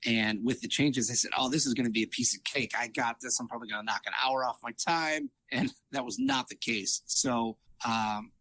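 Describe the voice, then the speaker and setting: A man's voice: mid-range voice, normal speed, hardly any pauses, bright, forceful tone, no echo. A man, a triathlete guest in a casual interview, telling stories animatedly, acting out quoted dialogue with lots of fillers and restarts.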